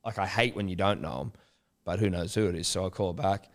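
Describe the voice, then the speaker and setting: A man co-hosting a podcast, telling a story in a loose, animated and sweary casual chat. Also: low voice, fast talker. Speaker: podcast co-host.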